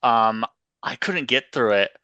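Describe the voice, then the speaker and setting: A man's voice: medium pitch, sharp tone, dry recording, dull audio. A man co-hosting a film podcast, speaking casually and hesitantly with many fillers. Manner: hesitant, halting starts with frequent fillers. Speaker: podcast co-host. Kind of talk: casual film review chat.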